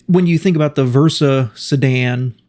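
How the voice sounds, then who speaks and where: A man's voice: mid-range voice, moderate pace, a little mellow. A man hosting a car reaction video, talking casually and giving his opinions as he thinks aloud.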